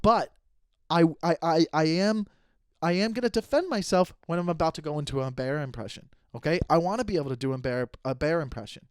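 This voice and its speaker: Alone at a close mic, this thirty-something podcast host delivers a comedy monologue poking fun at his own mistakes, constantly restarting sentences with steady self-awareness. He talks briskly in a voice slightly high for a man, with a clean tone and a dry, close recording.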